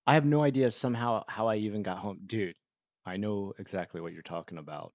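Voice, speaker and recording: A man with a lowish voice chats loosely with his livestream audience, wandering from thought to thought and laughing often. His mic sounds dry and a little muffled, with a lo-fi dullness. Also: a little fast, no echo. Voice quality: rambling and chatty, with fillers and frequent laughs. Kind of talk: casual livestream chat with viewers.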